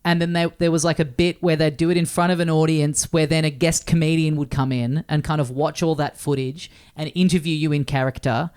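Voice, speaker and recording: A man's voice: on the high side, steady tone, fairly quick, hardly any pauses, darkish tone, smooth. An Australian man in his thirties hosting a podcast, telling self-deprecating stories in casual chat and swearing freely. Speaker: podcast host.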